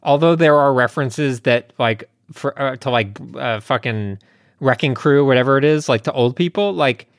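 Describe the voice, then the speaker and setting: A man's voice: mid-range voice, moderate pace, no room sound, clean studio sound. A man co-hosting a podcast, explaining points in matter-of-fact casual chat. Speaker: podcast co-host.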